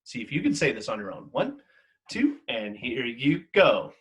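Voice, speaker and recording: A male music teacher leading an online lesson for children, upbeat and encouraging. His pitch leaps and dips with lively energy as he counts the class in and chants rhythm syllables with them, speaking into a computer mic. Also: normal speed.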